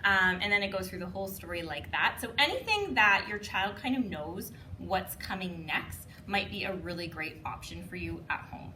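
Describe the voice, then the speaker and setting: A woman's voice: on the low side, lively intonation, moderate pace, hardly any pauses, bright, forceful tone, a little hiss or hum. A woman working as a communicative disorders assistant, giving a chatty instructional demonstration, now and then jumping into playful sing-song read-aloud voices. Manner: chatty with frequent "um" and light laughs.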